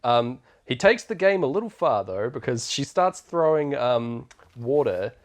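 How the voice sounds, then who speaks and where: A man's voice: medium pitch, sing-song, measured pace. A man, casually co-hosting a podcast and recapping a film in a laid-back, slangy way, laughing often. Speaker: podcast co-host.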